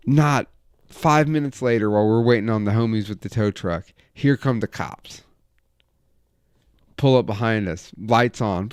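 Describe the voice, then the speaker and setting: Man, 30s, podcast host, casual storytelling, smooth clear voice, dry close sound. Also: mid-range voice, dry recording. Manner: profane, animated anecdote telling.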